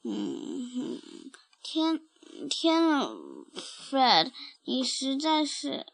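A young female co-host, shy and hesitant, retelling a story piece by piece with pauses. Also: sits high, expressive, gravelly, no echo. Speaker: child co-host.

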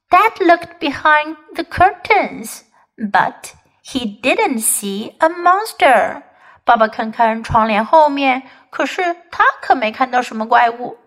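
A woman's voice: sits high, slow pace. A woman English teacher reading a children's picture book aloud, line by line in two languages, and talking to children directly. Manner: animated, addresses children directly. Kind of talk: bilingual storybook reading for children.

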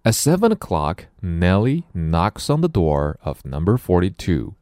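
A man teaching a bilingual reading lesson, playful and lively, with sudden high exclamations. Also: measured pace, no echo, clean studio sound. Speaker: English teacher.

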